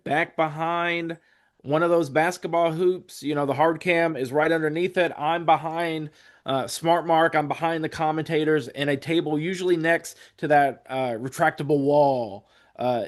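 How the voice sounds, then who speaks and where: A man in his forties, a podcast guest telling rambling road stories in a casual, profane way, acting out what others said. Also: a little high. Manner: profane, rambling, acts out quotes. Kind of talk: casual storytelling.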